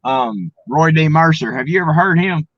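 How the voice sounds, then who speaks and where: Man, arkansas accent, folksy, halting, dull dry lo-fi sound. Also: fairly high pitch, lively intonation, no echo. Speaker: interview guest, speaker. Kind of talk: casual interview chat.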